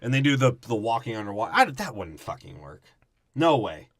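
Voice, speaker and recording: A man co-hosting a podcast, chatting casually and crudely about a movie, swearing a lot and mocking the characters with low mumbled impressions. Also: very animated, a little fast, fairly bright tone, dry recording. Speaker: podcast co-host.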